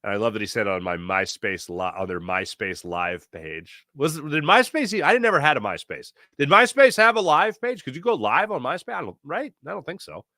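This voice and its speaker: A man hosting a sports talk podcast, opinionated and animated, often acting out what others said. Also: medium pitch, moderate pace, hardly any pauses, dry recording, studio quality. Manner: animated, opinionated, acts out quoted voices. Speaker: podcast host. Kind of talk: casual sports talk monologue.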